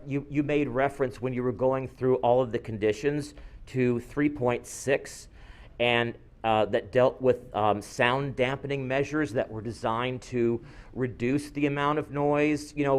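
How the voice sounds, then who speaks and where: A man resident addressing a city planning meeting, halting and full of restarts. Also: mid-range voice, fairly even intonation, clear, resonant tone. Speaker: resident giving public comment. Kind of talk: public comment at a city meeting.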